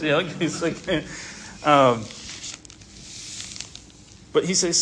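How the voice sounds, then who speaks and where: A man in his thirties leading a casual group Bible discussion, rambling and animated, with frequent restarts. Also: fairly high pitch, very slow, long pauses, slight background noise. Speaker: Bible study leader.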